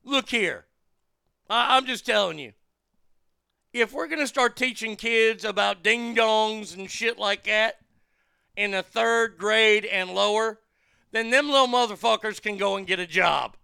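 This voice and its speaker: A man with a high, bright voice and a gravelly edge hosts a show, reading stories aloud and tearing into them with crude, profane mockery. His voice is close and dry, with no room around it. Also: measured pace, dry recording. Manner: mocking, profane, laughing at what he reads. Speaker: show host. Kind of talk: crude comedic commentary.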